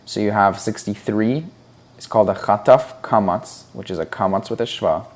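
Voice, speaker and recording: A man's voice: fairly low pitch, moderate pace. A man teaching a Hebrew reading lesson, explaining patiently and sounding out syllables one at a time. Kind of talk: slow, deliberate instructional explanation.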